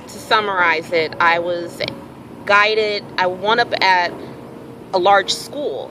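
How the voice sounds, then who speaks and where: A woman telling a personal story in a casual, animated way, acting out bits of dialogue and swearing freely. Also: mid-range voice, measured pace, noisy background. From Houston area, Texas. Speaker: vlogger.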